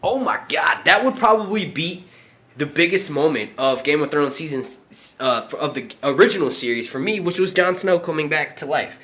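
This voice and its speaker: A man hosting a casual live stream, animated and swearing a lot as he reads out chat comments. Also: on the high side, moderate pace. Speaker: youtube live stream host.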